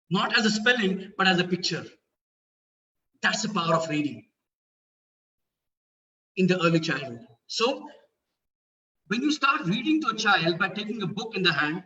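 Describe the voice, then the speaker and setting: A man's voice: high-pitched, pushed and bright. A man with an Indian English accent giving an earnest talk to parents, explaining step by step and asking rhetorical questions. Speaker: parenting speaker. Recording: dull, roomy, from a distance.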